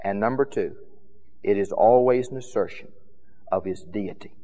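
A man preaching a sermon with emphatic, rhythmic repetition, his loudness rising and falling widely. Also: on the low side, normal speed, in a large hall, muffled recording.

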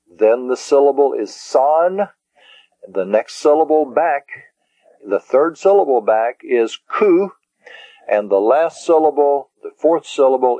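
A man teaching in a slow, patient lecture style, repeating key words for his students. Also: mid-range voice, lively intonation, mellow, no room sound. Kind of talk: slow lecture on Greek syllables. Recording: dull lo-fi recording.

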